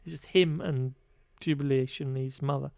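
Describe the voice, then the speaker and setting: Speaking at normal speed with a medium-pitched, darkish voice, this male podcast co-host keeps his intonation fairly even and has some vocal fry. He reviews a film casually, recapping it wryly and with exasperation, full of fillers. No echo is present.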